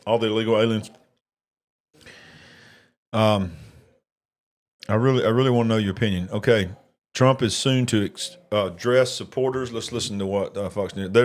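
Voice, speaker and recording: A man hosting a casual live election-night stream, chatting and eating while he reads viewer comments. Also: lowish voice. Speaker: livestream host.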